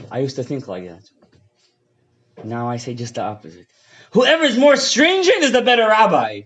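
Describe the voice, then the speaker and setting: A man giving a fiery Torah lecture as a rabbi, swinging between loud outbursts and hushed asides, mixing English with Hebrew terms, on a dull lo-fi recording. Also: fairly high pitch, big pitch swings, moderate pace. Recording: dull lo-fi audio.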